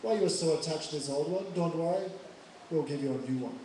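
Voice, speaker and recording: A man's voice: on the high side, quick pace, warm tone, a little hiss or hum, natural voice. A man voicing a sarcastic, mocking young male warrior prince, heard from a distance in an echoey hall. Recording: echoey hall, mic far off.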